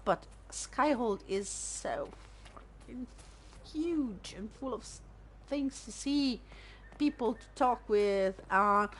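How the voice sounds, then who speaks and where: Woman game streamer, casual commentary, thinks aloud, unhurried, lively pitch, lowish voice. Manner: chatty, thinking aloud while playing. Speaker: let's-play streamer.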